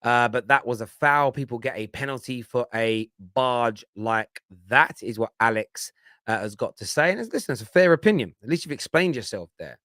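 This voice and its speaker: A man hosting a live call-in reaction show, hammering his points home by repeating them. His voice is mid-pitched and recorded dry, with no room sound. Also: expressive, normal speed, fairly bright tone, dry recording. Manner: emphatic, repeats phrases for effect. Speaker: fan show host.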